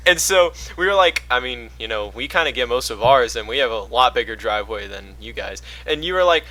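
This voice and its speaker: A young man chatting casually as a co-host, telling animated stories and acting out what people said. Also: medium pitch, a little fast, hardly any pauses, rough recording. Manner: animated storyteller, acts out quotes. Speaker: podcast co-host. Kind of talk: casual chat.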